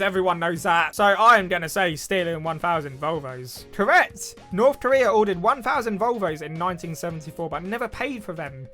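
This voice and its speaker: A man's voice: sits high, a bit bright. A young British man, probably in his twenties, reads quiz questions aloud and answers them in a wry, joking commentary. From United Kingdom. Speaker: YouTuber taking an online quiz.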